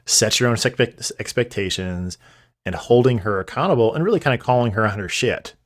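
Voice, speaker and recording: A man's voice: medium pitch, fairly quick. A man hosting a podcast, speaking casually and hedging with fillers. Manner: relaxed, hedging with "kinda" and "you know". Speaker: podcast host. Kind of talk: casual conversational.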